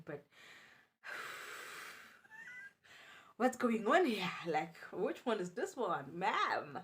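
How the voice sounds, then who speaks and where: A young South African woman telling a personal story for her vlog in an animated, dramatic way. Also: medium pitch. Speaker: vlogger.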